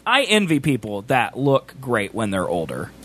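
A man hosting a stream, chatting casually and teasing his co-host in a chatty, animated way. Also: mid-range voice, normal speed. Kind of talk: casual chat.

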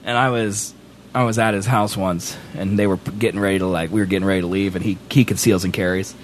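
A man's voice: deep voice, quick pace, a little hiss or hum. A young man co-hosting a podcast, chatting casually with rambling jokes. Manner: joking, rambling, animated. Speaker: podcast co-host. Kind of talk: casual chat.

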